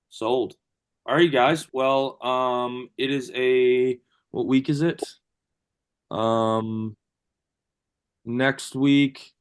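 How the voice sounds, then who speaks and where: A man's voice: medium pitch, smooth. A man coaching gym members in a casual Q&A over a video call, talking loosely with lots of fillers and restarts. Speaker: strength coach.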